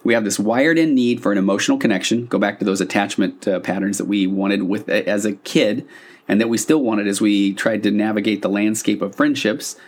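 A man's voice: fairly low pitch, a little fast, slightly rough. A man who works as a couples therapist, explaining a therapy concept to listeners in a loose conversational way, with fillers and restarts.

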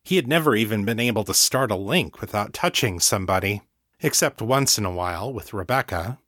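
A man narrating fiction in an unhurried, expressive storytelling manner. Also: lowish voice, dry recording, studio quality. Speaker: audiobook narrator.

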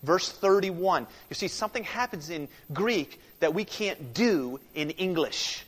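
A man preaching a sermon as pastor, emphatic, swinging from loud declarations to hushed, intense passages, in a church sanctuary. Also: sits high, expressive, fairly quick, few pauses. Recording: long reverb of a large sanctuary.

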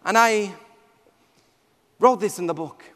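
A man, a priest, telling a personal testimony with emotional storytelling that swings from hushed to near shouting. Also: high-pitched, takes it slowly. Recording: long hall reverb.

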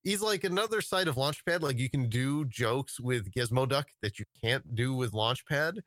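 A man chats casually as a guest on a podcast, dialled in over a video call. His voice is bright and dry, and he hesitates often, circling back with fillers and restarts. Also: medium pitch, expressive, moderate pace, dry recording. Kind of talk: casual chat.

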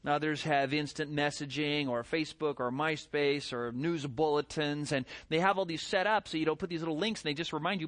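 A middle-aged man preaching a sermon as pastor, animated, with rhetorical questions and mimicked voices. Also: on the high side, normal speed.

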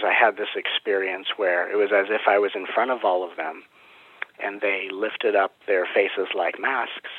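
A spiritual teacher appearing as a guest answers interview questions earnestly, giving flowing explanations about spiritual matters. His voice is deep with a breathy edge. The recording is dry and comes through a tinny, phone-like line.

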